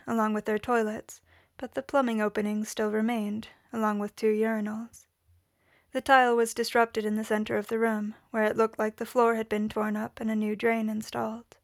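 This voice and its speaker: A woman reads fiction aloud in a steady, measured way. Her voice is a little high and keeps a narrow pitch range. The sound is dry and close. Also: gravelly, dry recording. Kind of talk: audiobook-style fiction reading.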